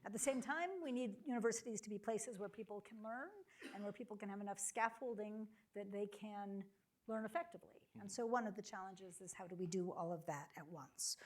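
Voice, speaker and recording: A middle-aged woman moderating a public conversation before an audience, welcoming and relaxed with frequent ums and uhs. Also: medium pitch. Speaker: university chancellor moderating a campus conversation. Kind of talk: hosting a public onstage conversation. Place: lecture hall before a live audience.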